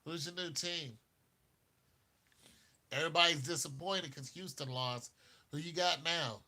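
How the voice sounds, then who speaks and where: A man hosting a casual basketball talk show, animated, laughing often and talking straight to his viewers. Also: a little high, measured pace. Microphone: streaming mic.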